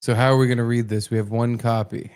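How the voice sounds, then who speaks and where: A man co-hosting a comedy podcast, bantering with a wry, teasing deadpan while reading a script aloud. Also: mid-range voice, quick pace, smooth. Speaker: podcast co-host.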